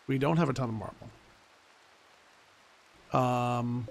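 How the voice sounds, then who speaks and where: Gravelly, blunt man in his forties. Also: medium pitch, fairly even intonation, slow pace. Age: 40s. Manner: blunt, swears freely, rambling asides. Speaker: gaming YouTuber. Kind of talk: casual let's-play commentary.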